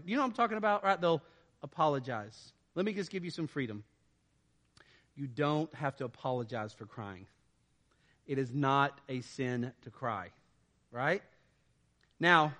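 A pastor delivers a sermon in a conversational way, dropping in "right?" asides. His delivery swings between loud, emphatic peaks and quiet, low passages.

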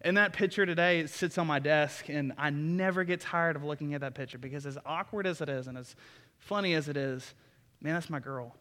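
A man's voice: a little high, a little fast, fairly bright tone, big-room sound. A young man preaching a sermon in an earnest, conversational way. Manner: earnest and conversational, with many restarts. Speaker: pastor. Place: church sanctuary.

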